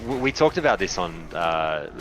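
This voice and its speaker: A man with an Australian accent, chatting casually over voice chat while gaming and telling animated stories with plenty of swearing. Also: deep voice, normal speed, soft background music. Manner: animated storyteller, swears freely. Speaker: podcaster and gamer.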